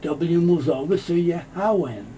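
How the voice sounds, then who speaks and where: A man teaching English pronunciation, explaining slowly and repeating phrases to show how they sound. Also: fairly high pitch, dark tone, slight background noise. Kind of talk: pronunciation lesson.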